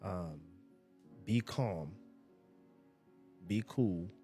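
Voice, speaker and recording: Laid-back rambling man, low voice. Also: extremely slow, warm tone, soft background music. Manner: rambling, repeats and restarts phrases, laid-back. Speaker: podcast host. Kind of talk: casual motivational monologue.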